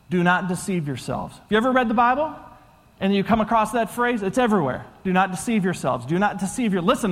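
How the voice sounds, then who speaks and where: A man preaching a sermon as a pastor, telling stories in a conversational, animated way that swings from loud to hushed. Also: sits high. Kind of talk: sermon with storytelling. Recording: long hall reverb.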